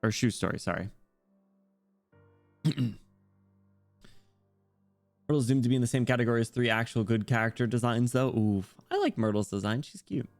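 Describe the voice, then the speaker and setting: Young British male streamer, loose and playful, mid-pitched, dry close mic, faint music under. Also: expressive, moderate pace, long pauses, no room sound. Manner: rambling and playful, frequent throat clearing. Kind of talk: casual live-stream chat while reading game dialogue.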